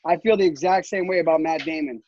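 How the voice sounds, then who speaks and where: A man co-hosting a podcast in casual, excitable chat, swearing often and laughing a lot. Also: fairly high pitch, fast, dry recording, muffled recording. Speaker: podcast co-host.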